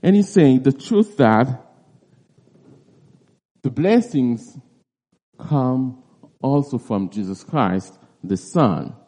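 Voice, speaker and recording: A man preaching through a Bible passage in an expository teaching style, halting often and restarting his phrases. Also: mid-range voice, expressive, dark tone. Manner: halting, with frequent restarts and repeated words.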